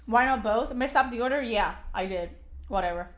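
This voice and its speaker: A woman's voice: a little high, moderate pace. A woman live streaming and chatting casually with her viewers, teasing them and swearing freely in a mock-offended way.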